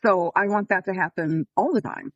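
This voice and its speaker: A woman guest on a casual podcast, talking in an earnest, heartfelt way with halting restarts. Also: on the low side, dry recording, muffled recording.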